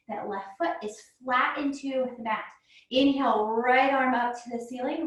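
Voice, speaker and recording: A woman's voice: on the high side, fairly bright tone. A woman yoga instructor, a little out of breath, calling out poses and encouraging cues through a guided class. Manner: encouraging cues, frequent "good". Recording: echoey room, voice from far off.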